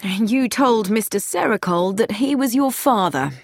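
A woman reading an audiobook, voicing a kindly male police inspector who asks calm, probing questions. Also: mid-range voice, unhurried, dry recording, studio quality, pitched above the performer's own voice.

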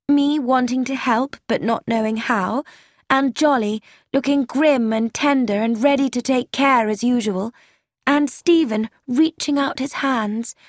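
A young woman pours out a worried, chatty letter in earnest, confiding tones, as a woman narrator reads it. The voice sits high and moves slowly. The recording is dry and close. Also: no echo, natural voice. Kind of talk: scripted narration.

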